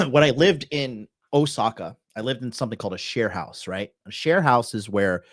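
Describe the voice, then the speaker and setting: A Tokyo dating coach and podcast host, speaking mid-range at normal speed with lively intonation, swaggers through a crude story packed with swearing on his dating talk show. The sound is clean studio quality with no room sound.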